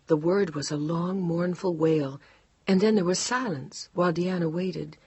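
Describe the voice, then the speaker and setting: Female audiobook narrator, low and husky, measured, dry studio read. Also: a little mellow, dry recording. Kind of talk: scripted narration.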